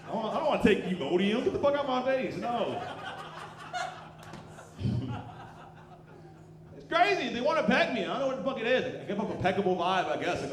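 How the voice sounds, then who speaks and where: A man in his thirties performing a profane, animated stand-up comedy set on a club stage. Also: sits high, fairly quick, pauses often, background noise. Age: 30s. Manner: animated, profane, loud punchlines. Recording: roomy live club recording with crowd. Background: audience laughter.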